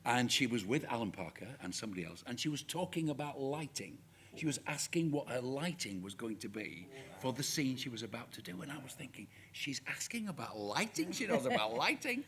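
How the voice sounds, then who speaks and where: A man who acted as a child, telling lively stories as a guest on a live cinema Q&A panel. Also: mid-range voice, fairly quick. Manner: lively anecdotal, laughs as he tells. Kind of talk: storytelling on a panel. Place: cinema stage before an audience.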